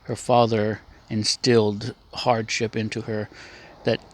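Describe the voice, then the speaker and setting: Slow, low-voiced male storyteller. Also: flat delivery. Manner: unhurried and plainspoken, with a few restarts. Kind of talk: casual spoken storytelling.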